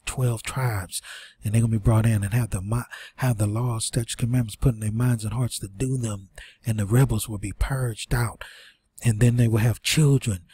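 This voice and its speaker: A man's voice: mid-range voice, dark tone, slightly rough. A man teaching and reading scripture aloud in an informal sermon, short of breath, with restarts and asides. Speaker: preacher.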